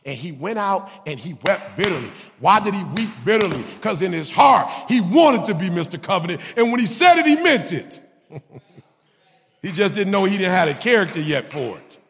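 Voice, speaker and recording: A man preaching an animated sermon, laughing often and breaking into shouts. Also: sits high, normal speed, in a large hall.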